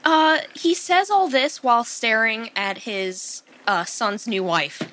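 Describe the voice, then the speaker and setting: Bright-voiced woman, swearing comedy podcaster. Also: on the high side, slow, slight background noise. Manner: profane, laughs a lot, rambling. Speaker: podcast co-host retelling a film. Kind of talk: casual comedic chat.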